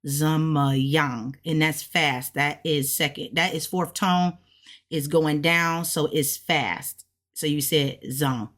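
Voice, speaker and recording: A woman learning a language who casually walks through her study notes, chatty and relaxed, often checking in with "right?". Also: deep voice. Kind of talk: casual step-by-step explanation.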